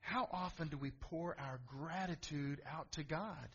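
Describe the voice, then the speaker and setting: Middle-aged man, pastor, sermon, high voice, storytelling then emphatic preaching, long church reverb. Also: a little slow, fairly bright tone, husky. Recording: echoey hall, dull lo-fi sound.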